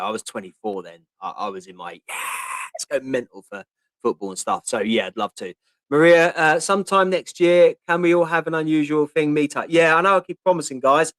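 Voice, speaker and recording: A man's voice: on the high side, fairly bright tone, no echo. A man in his fifties with a Portsmouth accent, hosting a casual live-stream Q&A, chatting and reading out viewer questions with lots of ums. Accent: Portsmouth (Pompey). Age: 50s. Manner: chatty, answers viewer questions, reads comments aloud with many ums. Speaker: host.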